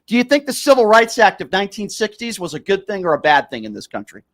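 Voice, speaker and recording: A man's voice: high-pitched, big pitch swings, fast, a bit bright. A man hosting a talk show, arguing with a caller and pressing the same question again and again. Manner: combative, repeats questions insistently. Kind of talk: heated call-in argument.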